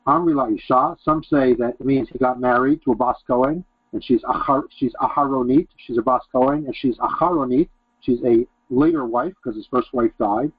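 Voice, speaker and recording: A man's voice: medium pitch, moderate pace, husky, no echo. A man reading aloud from a text and translating it phrase by phrase as he teaches. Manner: reads Aramaic phrases then translates them in short bursts. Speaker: Talmud teacher. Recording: dry, tinny phone-like sound.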